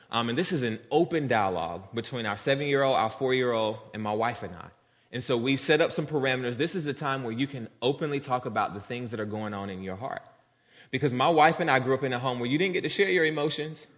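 A man's voice: medium pitch, fairly bright tone. A man preaching a sermon to a congregation, earnest and conversational, speaking directly to them. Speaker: guest preacher. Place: church sanctuary. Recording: long hall reverb.

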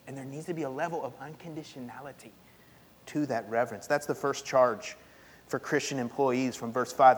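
A man preaching a sermon, telling stories in a lively, casual way, with plenty of "like" in his speech. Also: mid-range voice, a little hiss or hum. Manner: animated storytelling, casual with frequent "like". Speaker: pastor. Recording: long hall reverb.

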